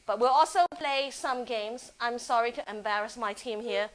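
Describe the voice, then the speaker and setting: Woman host, casual webcam live stream from home, excitable and giggly, slightly higher voice. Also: moderate pace, rough recording. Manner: excitable, giggly, talks to the camera. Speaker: charity worker hosting a live stream. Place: living room.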